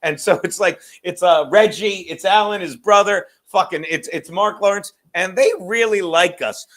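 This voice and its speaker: A man's voice: high-pitched, moderate pace, a bit bright. A man hosting a podcast, rambling and swearing casually, laughing often. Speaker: podcast host. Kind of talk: casual chat.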